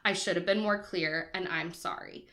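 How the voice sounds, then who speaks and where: A woman's voice: fairly low pitch, fairly even intonation, moderate pace, sharp tone. A woman co-hosting a casual podcast, telling a story in a chatty way and laughing often. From Boston area, US.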